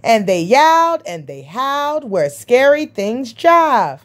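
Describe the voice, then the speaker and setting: A woman's voice: very animated, slow pace, few pauses. A woman reading a rhyming picture book aloud in a sing-song rhythm. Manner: sing-song rhythm, jumping high for the creature calls. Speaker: storybook reader.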